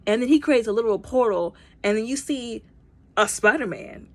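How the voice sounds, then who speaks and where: A woman giving a casual movie review, talking in a chatty, animated way full of slang and fillers. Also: a little high, moderate pace. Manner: animated, acts out scenes in quoted voices.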